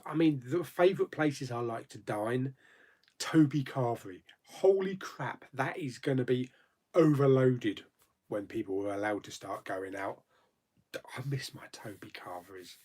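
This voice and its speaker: A man hosting a casual live chat, reading viewer comments aloud and answering them with frequent laughs. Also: mid-range voice. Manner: chatty, laughs often, reads comments aloud then answers. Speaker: YouTube host.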